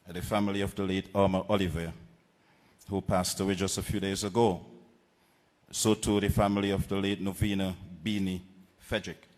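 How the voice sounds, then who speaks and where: A man with a Vincentian accent giving a political rally speech, measured and deliberate with pauses and repetitions. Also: deep voice, level tone, a little mellow, big-room sound. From Saint Vincent and the Grenadines. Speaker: political candidate. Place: outdoor political rally platform.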